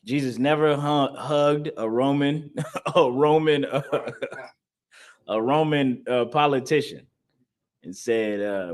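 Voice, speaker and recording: Man, scripture class teacher. Emphatic, preachy, and repetitive, with average pitch. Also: slow. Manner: emphatic, repetitive, laughs between points. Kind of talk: preaching-style scripture lesson.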